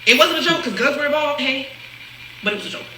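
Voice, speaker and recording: Fast, animated woman telling a story. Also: sits high. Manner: animated, acts out quotes, laughs often. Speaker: storyteller on a reaction video. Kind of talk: casual storytelling. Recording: echoey room with faint hiss.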